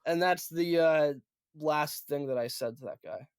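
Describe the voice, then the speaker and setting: A man in his twenties, a podcast co-host, telling a story in casual chat, animated, profane and emphatic. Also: a little high, a little slow, clear, resonant tone, dry recording, studio quality. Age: 20s.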